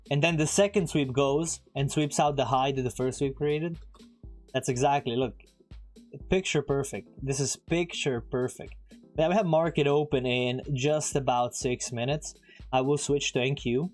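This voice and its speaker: Male streamer, mid-pitched, chatty, talks straight to chat, faint music underneath. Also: darkish tone. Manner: chatty, talks to viewers directly, quick asides. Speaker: live-stream trader. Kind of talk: casual live-stream commentary.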